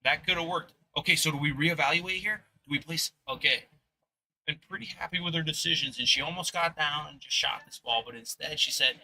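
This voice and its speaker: Casting: upbeat male pool commentator, slightly high, very bright, rambling and animated. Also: brisk. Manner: animated, rambling, motivational ranting. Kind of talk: live stream commentary. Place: sports bar. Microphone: booth microphone.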